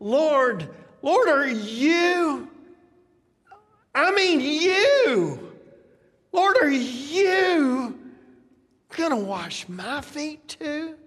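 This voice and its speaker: A startled male disciple protests to his master, as a preacher puts him on. The voice jumps high above the speaker's own and presses its questions in a raised, insistent way. A long reverb trails behind it in the hall. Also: big pitch swings, extremely slow, pauses often, fairly bright tone, exaggerated voice. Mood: incredulous.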